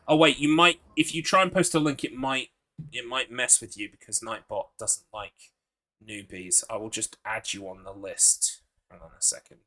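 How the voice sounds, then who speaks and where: A man's voice: medium pitch, pushed and bright. A man streaming a game live, chatting in an upbeat way, reading chat aloud and laughing often.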